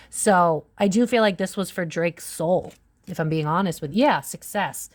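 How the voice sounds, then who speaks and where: Female tarot reader, slightly low pitch, loose and chatty, swears freely and talks in "it's like" asides. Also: moderate pace. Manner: rambling, profane, full of "it's like" asides. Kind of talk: casual psychic tarot reading monologue.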